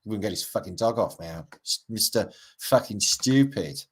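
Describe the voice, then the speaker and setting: Middle-aged man, rambling livestream host, sweary and nostalgic, lowish voice. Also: expressive, moderate pace, husky. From Britain. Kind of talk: casual livestream chat.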